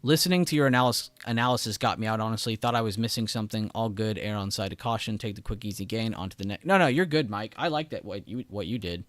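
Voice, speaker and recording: A man's voice: lowish voice, fast, few pauses, fairly bright tone, no echo. A man hosting a live trading stream, giving casual market commentary and chatting with viewers in the chat. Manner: casual, chatty, laughs often, talks to chat directly. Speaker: trading livestream host.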